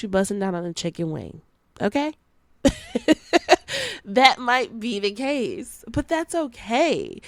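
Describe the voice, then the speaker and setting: Recorded dry, a young woman with a medium-pitched voice hosts a podcast, laughing a lot and talking frankly in casual slang. She animatedly acts out what her friends said, using sassy voices.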